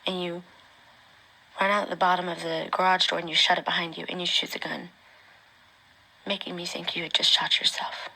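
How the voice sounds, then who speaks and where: A woman speaking an emotional personal testimony straight to her former partner, often dropping to a hushed whisper. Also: fairly low pitch, flat delivery, normal speed, vocal fry, pauses often, rough recording. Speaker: mother recounting her own experience.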